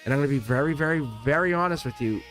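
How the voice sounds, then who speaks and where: A man's voice: on the high side, racing, fairly bright tone, faint music behind. A man giving a live tarot reading to viewers, talking in an earnest, rambling way, repeating phrases and correcting himself mid-sentence. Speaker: tarot reader.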